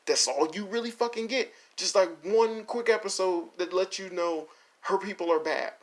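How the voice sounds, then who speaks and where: A man in a casual, exasperated rant reviewing an anime, swearing and laughing as he mocks the characters. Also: sits high. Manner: mocks characters in quick put-on voices. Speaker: video essay host.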